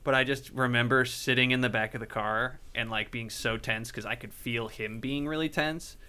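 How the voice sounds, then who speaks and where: Podcast host: man from Ohio, bright, edgy tone, animated and rambling. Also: medium pitch, moderate pace, a little hiss or hum. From Cleveland suburb, Ohio. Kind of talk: casual chat.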